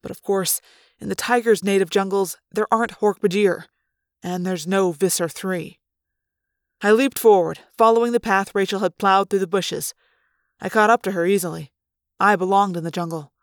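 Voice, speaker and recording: A woman reads a novel aloud in a slow, deliberate dramatic style. Her voice sits at a middle pitch and is recorded close and dry, with no room sound. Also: fairly even intonation, no echo. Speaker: narrator. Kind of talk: audiobook reading.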